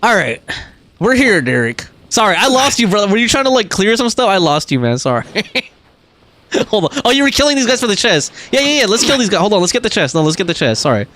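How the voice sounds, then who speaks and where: A man's voice: high-pitched, very animated, brisk, sharp tone, no echo. A man streaming a game, chatting casually and reading viewer messages aloud, with frequent laughs and fillers. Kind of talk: casual gaming livestream chat.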